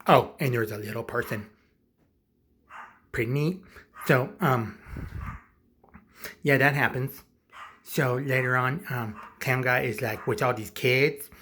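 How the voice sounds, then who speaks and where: A man's voice: mid-range voice, takes it slowly, pauses often, fairly bright tone, a little hiss or hum. A man rambling casually through a comic movie recap, offhand and full of fillers. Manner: rambling, offhand, lots of likes and ums.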